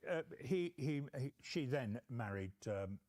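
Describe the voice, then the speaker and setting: Curator guy telling old gossip from history, steady, ums and uhs. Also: medium pitch. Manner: measured, many uh fillers, anecdotal. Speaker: museum curator. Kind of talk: informal museum talk.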